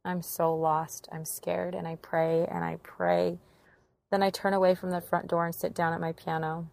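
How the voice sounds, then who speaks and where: A woman's voice: lowish voice, vocal fry, darkish tone. A young woman earnestly narrating a painful personal story, with emotion in her telling.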